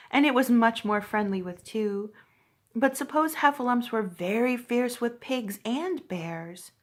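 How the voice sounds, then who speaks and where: A woman from a library reading a children's book aloud with lively, expressive storytelling. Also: fairly high pitch.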